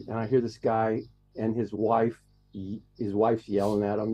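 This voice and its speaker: Mellow-voiced cussing storyteller man. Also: fairly low pitch, normal speed, slight background noise. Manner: profane, rambling storyteller. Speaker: guest, truck driver. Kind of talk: casual storytelling.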